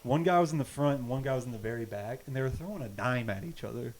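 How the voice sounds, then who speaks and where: Young male podcast host, animated storyteller, wide pitch swings. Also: quick pace, rough recording. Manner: animated, laughing storyteller who shouts out quoted lines. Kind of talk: casual storytelling chat.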